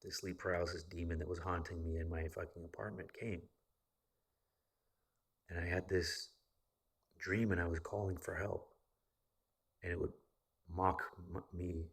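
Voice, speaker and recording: A vlogger from the United States tells a personal story in a casual, rambling monologue, swearing often and leaning on frequent fillers. His deep voice is breathy at the edges, with flat delivery at a normal speed and long pauses.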